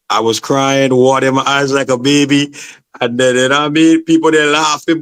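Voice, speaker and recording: A man's voice: mid-range voice, steady tone, normal speed, a bit bright, clean tone. A man from Saint Vincent, talking passionately as an interview guest and repeating "man" and "bro". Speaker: football promoter, guest. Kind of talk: casual interview chat.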